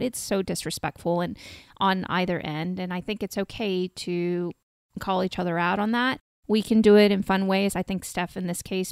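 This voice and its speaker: A woman's voice: mid-range voice, vocal fry, no echo, studio quality. A woman who hosts a podcast as a dating coach, giving frank, direct advice in a casual chat and swearing casually.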